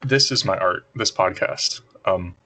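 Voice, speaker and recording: Young guy on a podcast, lowish voice, rambling and chill. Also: unhurried. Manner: relaxed, rambling, self-deprecating. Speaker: podcast co-host. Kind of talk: casual chat.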